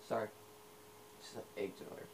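A young man giving casual, rambling commentary while playing a video game, full of fillers and asides. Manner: rambling, filler-heavy, easily sidetracked. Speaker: gamer. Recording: noisy home recording.

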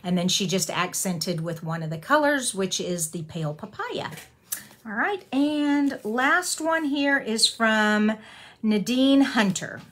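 A woman's voice: on the high side, lively intonation, takes it slowly. A woman hosting a card-making channel, chatting casually and admiringly with many fillers as she shows cards. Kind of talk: casual craft show-and-tell.

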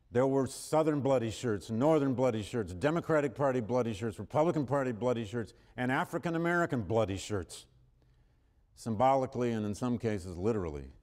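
A professor with a medium-pitched, darkish voice lectures on history in a large, reverberant hall. He's forceful, correcting himself along the way and rising in intensity on quoted passages, with an occasional cough.

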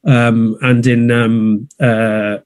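A man's voice: mid-range voice, level tone, extremely slow, clear, resonant tone, no echo. A man, a theatre producer, talking in a thoughtful, conversational way with many restarts and fillers. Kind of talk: conversational interview. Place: north of England.

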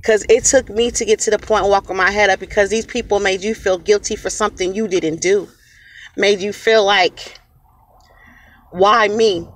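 A woman's voice: medium pitch, steady tone, normal speed. Earnest woman giving a motivational testimony. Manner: earnest, repeats phrases for emphasis. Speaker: speaker sharing her story.

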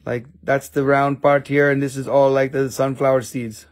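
A man's voice: mid-range voice, level tone, moderate pace. A man hosting a casual live-stream sale of rocks and minerals, chatty and jokey, with offhand swearing.

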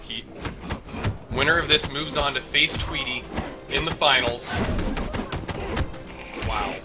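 A man's voice: mid-range voice, slow pace, loud music behind the voice. A man doing color commentary from home, joking around and letting out big exclamations. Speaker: esports co-commentator.

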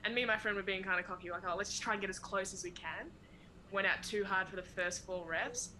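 A woman's voice: medium pitch, fast talker, pushed and bright, slight background noise, rough recording. Laid-back young Australian woman, swears freely. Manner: casual, swears freely, laughs often. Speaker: guest athlete. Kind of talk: casual interview chat.

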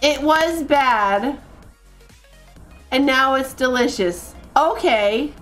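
A woman streamer giving excitable, laughing, exasperated commentary while playing a life-sim game. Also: sits high, drawn-out words, soft background music. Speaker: gaming streamer. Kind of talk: casual gameplay commentary.

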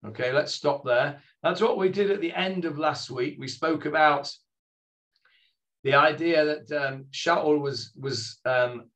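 This is a man teaching a scripture class over a video call. His voice sits a little high, and he speaks in a friendly, halting way, circling back and filling gaps with ums. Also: a bit bright. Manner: hesitant, many fillers and restarts, friendly. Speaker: Bible teacher leading a class. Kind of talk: online Sunday morning scripture class.

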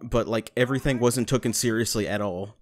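A man's voice: medium pitch, a little fast. A man giving rambling, profane, jokey commentary while playing a game. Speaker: gamer. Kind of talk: let's play commentary.

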